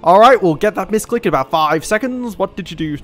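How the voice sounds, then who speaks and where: A man's voice: sits high, animated, fairly quick, faint music behind. A man co-hosting a strategy game session, talking casually while keeping up a hammy pirate voice with growled yars. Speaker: co-host and player. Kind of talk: casual gameplay chat.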